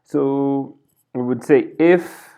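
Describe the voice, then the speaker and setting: A coding tutorial instructor with a medium-pitched, warm, clear, resonant voice teaches a screencast extremely slowly while at a computer indoors. He thinks aloud as he types, frequently adding "right?" and "like this".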